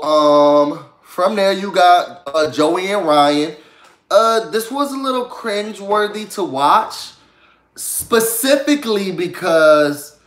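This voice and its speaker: A high-voiced man gives an animated, gossipy reality-show recap in casual chat. He speaks straight to his viewers and asks them to dig for news. The room echoes noticeably around him.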